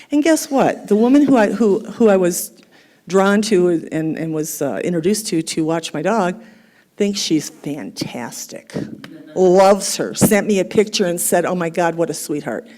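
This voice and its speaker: A middle-aged woman preaching a conversational sermon at a spiritual center, animated and laughing at herself. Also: medium pitch. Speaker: guest speaker at a spiritual center.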